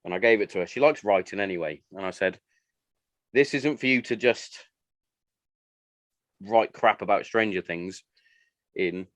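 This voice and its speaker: A man's voice: fairly low pitch, normal speed, long pauses, no echo. A man in his thirties hosting a podcast, chatting casually and acting out his family's lines as he tells stories. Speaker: podcast host. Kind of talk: casual chat.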